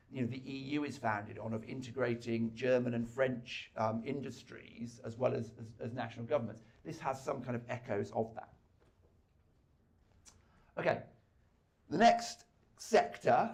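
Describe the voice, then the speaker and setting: A man's voice: medium pitch, gravelly. A man, an academic, giving a casual talk at a book launch, hesitant with many fillers and restarts.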